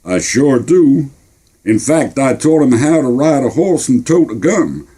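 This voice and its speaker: A man's voice: medium pitch, animated, a little slow, warm tone, husky, pitched above the performer's own voice. A man voicing a boastful American soldier from Texas, a big drawling Texan with tall tales. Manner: bragging, drawling.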